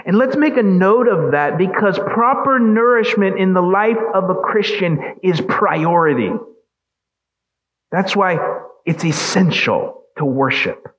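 A man's voice: sits high, expressive, unhurried, a bit bright, dull audio. A man preaching a sermon as pastor, emphatic and asking the congregation questions.

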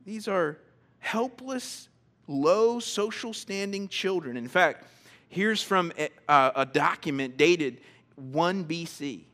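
Conversational male preacher, animated delivery. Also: takes it slowly. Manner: animated, acts out quoted reactions in a higher voice; conversational, repeats words when starting sentences. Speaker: pastor. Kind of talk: sermon.

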